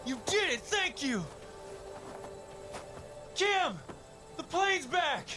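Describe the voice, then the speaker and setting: An actor playing a desperate, foul-mouthed pilot who swears and shouts as he talks, in a video game cutscene. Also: high-pitched, moderate pace. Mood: excited. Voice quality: excitable, swears a lot, shouts. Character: desperate young pilot man, profane. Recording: loud game music behind.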